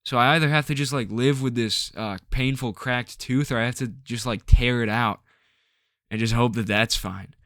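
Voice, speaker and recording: A man vents to the camera in a loose, rambling rant, tripping over restarts and leaning hard on filler words. His voice sits at a middling pitch and sounds dry and close, with no room sound around it. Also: moderate pace, a bit bright, dry recording. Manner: rambling and frustrated, full of "like" and restarts. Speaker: vlogger. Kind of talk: ranting to camera.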